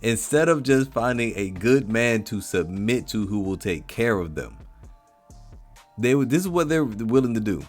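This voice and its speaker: A man's voice: lowish voice, animated, normal speed, darkish tone, soft background music. A man reacting to video clips with mocking, emphatic commentary, often repeating his points. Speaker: commentary host.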